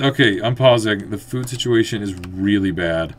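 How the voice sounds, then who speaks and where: A man giving casual let's-play commentary, thinking aloud as he plays and breaking into excited outbursts. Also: medium pitch, brisk, few pauses. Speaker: gameplay commentator.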